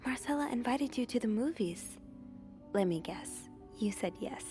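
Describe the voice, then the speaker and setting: An actress playing a nosy young hotel maid in a video game, muttering softly to herself. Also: female voice, fairly high pitch, expressive, moderate pace, over music, natural voice. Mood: teasing.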